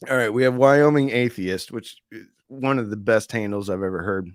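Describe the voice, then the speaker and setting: Low-voiced chatty middle-aged man. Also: normal speed, no room sound, clean studio sound. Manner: rambling, chatty, reads viewer comments aloud. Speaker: livestream host reviewing audio deals. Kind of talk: casual live-stream chat.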